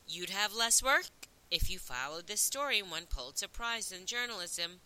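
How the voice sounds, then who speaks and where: A woman's voice: mid-range voice, lively intonation, moderate pace, sharp tone, poor audio. A woman voicing a confident, persuasive twelve-year-old boy in an audiobook, polite and earnest. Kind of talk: audiobook reading.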